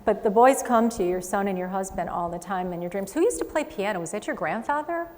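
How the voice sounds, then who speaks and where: A woman psychic medium hosting a show, giving chatty readings to a live studio audience with quick asides and frequent laughs. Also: mid-range voice, lively intonation, a little mellow, big-room sound.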